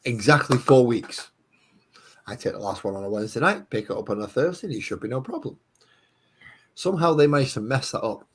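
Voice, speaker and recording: A man's voice: mid-range voice, lively intonation, brisk, breathy edge. A man hosting a live stream, rambling, swearing freely and joking at his own expense. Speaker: stream host. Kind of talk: casual live-stream chat.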